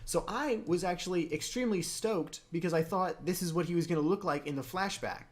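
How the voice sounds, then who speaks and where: A man co-hosting a podcast in casual chat, excited, his voice jumping up in pitch when he gets keen. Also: fairly quick. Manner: excited, with sudden upward jumps in pitch. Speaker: podcast co-host. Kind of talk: casual chat about a comic.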